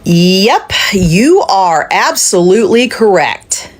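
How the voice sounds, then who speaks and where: Expressive woman delivering indignant political commentary. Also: medium pitch, takes it slowly. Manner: indignant, emphatic. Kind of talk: casual commentary.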